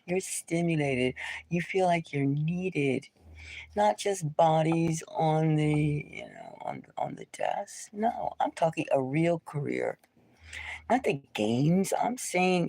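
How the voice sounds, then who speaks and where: A woman hosting a live tarot reading, talking in a rambling, conversational way and sometimes dropping into soft whispers. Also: fairly low pitch, sing-song, takes it slowly, no echo. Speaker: tarot reader. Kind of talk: live-stream reading, casual talk.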